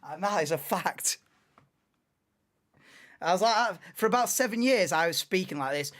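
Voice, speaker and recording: A man in his late twenties, hosting a live race watchalong in an excitable, rambling, chatty way. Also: high voice, normal speed, long pauses. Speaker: livestream host.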